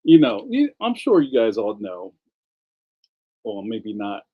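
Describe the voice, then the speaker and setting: A man's voice: lowish voice, wildly swooping pitch, takes it slowly, breathy edge, narrow, tinny audio. A man hosting a casual livestream, a cartoonist telling rambling stories full of slang, laughing often and reading out viewer comments.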